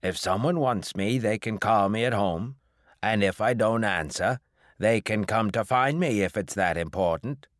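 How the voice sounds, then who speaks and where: A man voicing a huge, taciturn old farmer who speaks in a slow New England drawl. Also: fairly low pitch, dry recording, clean studio sound, voice pushed up, close to an everyday voice.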